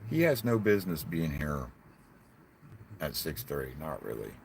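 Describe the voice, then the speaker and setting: A man's voice: a bass voice, big pitch swings, normal speed, vocal fry, a little hiss or hum. A man with a Southern hillbilly accent, chatting casually and profanely to his live-stream viewers. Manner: profane, blunt, rambling. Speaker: livestreaming vlogger.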